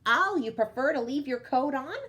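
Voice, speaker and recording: A woman's voice: high voice, expressive, normal speed, a bit bright, voice pushed up. A woman doing a chatty 97-year-old granny. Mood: cheerful hostess. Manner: fussing, hospitable, chatty. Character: kindly 97-year-old grandmother, nearsighted, hard of hearing. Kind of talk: storybook read-aloud.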